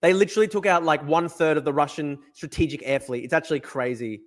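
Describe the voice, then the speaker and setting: Profane, fired-up man. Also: fast. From Australia. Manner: profane, emphatic, repeats himself, mocks in a high voice. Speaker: livestream news host. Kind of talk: live-streamed news commentary reading chat.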